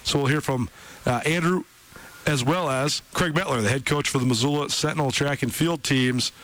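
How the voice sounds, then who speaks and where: A man's voice: mid-range voice, moderate pace, fairly bright tone, low-quality recording. Casual male sports radio host. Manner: conversational, loose, with frequent fillers and restarts.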